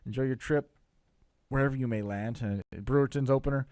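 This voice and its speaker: A man's voice: mid-range voice, a little mellow, no echo, clean studio sound. A man hosting a casual racing talk show, teasing his co-host and wrapping up the episode. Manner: quick, teasing, wraps up the show. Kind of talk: casual chat.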